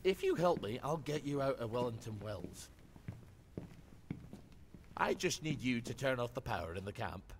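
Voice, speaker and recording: A man's voice: mid-range voice, animated, normal speed, gravelly, long pauses, long reverb tail, background noise. An actor voicing a lonely older man in a video game who talks to his absent wife, rambling and wistful.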